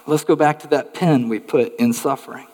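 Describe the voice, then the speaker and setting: A pastor preaching an earnest sermon, building emphatic rhetorical questions. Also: male voice, on the high side, moderate pace, warm tone, long reverb tail.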